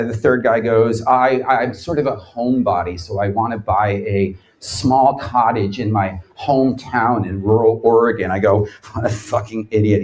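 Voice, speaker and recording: A man in his thirties giving a comedic live lecture, sardonic and animated, acting out quotes in his stories. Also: mid-range voice, rough recording. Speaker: lecturer, former quiz show champion. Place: bar event space before a live audience.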